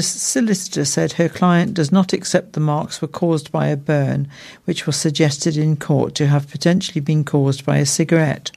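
A man reads out a local court report. His voice sits a little high for a man and has a gravelly, creaky texture. He keeps a measured, formal newsreading pace. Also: darkish tone. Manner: measured, formal reading with small stumbles. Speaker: news reader. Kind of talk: read court news report.

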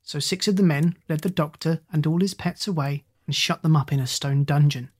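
A narrator reading a children's storybook aloud in a steady, gentle way. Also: medium pitch, fairly quick, slightly rough. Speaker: audiobook narrator.

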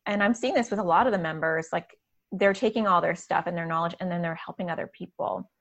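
A woman's voice: on the low side, quick pace, a bit bright. A woman in her thirties hosting a casual podcast conversation, chatty and upbeat, with plenty of fillers and laughter. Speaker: podcast host and community organizer.

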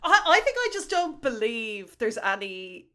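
Giggly female co-host, teasing, high and bouncy voice. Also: sing-song, unhurried, a bit bright. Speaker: podcast co-host. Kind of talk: casual chat, quiz host.

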